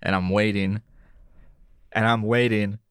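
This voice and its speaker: A man's voice: fairly low pitch, steady tone, measured pace, smooth, dry recording, clean studio sound. A young man in his twenties telling a long story in casual chat, repeating phrases as he goes.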